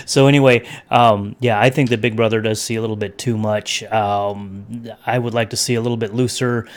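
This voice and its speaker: A man's voice: on the low side, fairly even intonation, moderate pace. A man hosting a casual livestream over his webcam, rambling between topics and greeting chat viewers by name. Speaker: livestream host.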